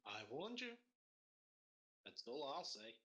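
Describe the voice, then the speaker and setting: A man's voice: a little high, very animated, takes it slowly, pushed and bright. A man playing a tabletop role-playing game, talking bluntly and dramatically, often swearing. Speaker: player.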